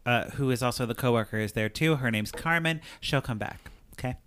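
A man's voice: medium pitch, a little fast, a bit bright, clean tone. A man co-hosting a podcast, recapping a movie in a rambling, filler-heavy way. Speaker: podcast co-host. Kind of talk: casual movie recap chat.

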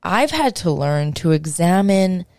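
A young woman hosting a podcast, telling a story in casual chat, animated and swearing, acting out what people said. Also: on the low side, measured pace, no room sound, studio quality. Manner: animated, swearing, acts out quotes. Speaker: podcast host.

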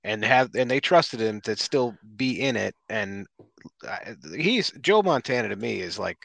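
A man's voice: mid-range voice, expressive, measured pace, creaky, a bit bright, dry recording. A man in casual podcast chat, giving emphatic, opinionated takes. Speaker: podcast co-host.

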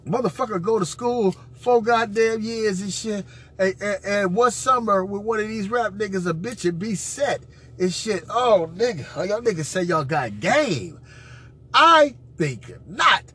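Husky, high-pitched male host, profane mocking reaction commentary, slow drawl. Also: lively intonation. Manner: loud mocking asides, swinging from squeals to low growls. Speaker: podcast host reacting to audio.

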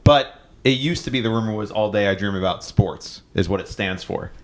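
Lower-voiced American man hosting a podcast. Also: brisk. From United States. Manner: laid-back, asks questions. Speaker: podcast host. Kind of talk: casual podcast chat.

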